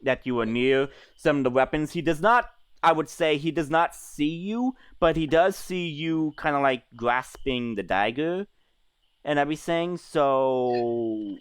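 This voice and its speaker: A man's voice: a little high, unhurried, clear, resonant tone, no echo. A man running a tabletop game as game master, talking in a hesitant way with many fillers and restarts.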